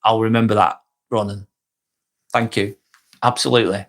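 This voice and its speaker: A young British man hosting a live vlog stream, reading out viewer comments in a relaxed, chatty way with frequent ums and quick laughs. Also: lowish voice. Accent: British English. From England.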